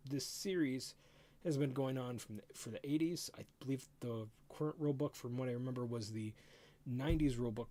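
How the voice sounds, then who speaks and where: A middle-aged man streaming live, giving casual first impressions of a game rulebook in an excitable way that is full of stammers and repeated words. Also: mid-range voice.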